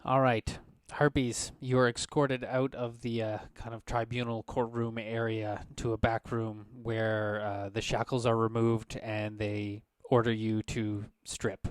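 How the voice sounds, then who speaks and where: A man's voice: lowish voice, flat delivery, unhurried, few pauses, no room sound. A man acting as game master, narrating scenes and speaking for council members and guards.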